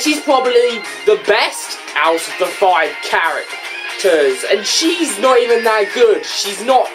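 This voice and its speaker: A woman reviewing a video game in a sarcastic, ranting manner. Her pitch swoops widely as she fires off rhetorical questions, and she speaks in an unhurried, drawn-out way. Faint music plays behind her. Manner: rhetorical questions and exasperated asides.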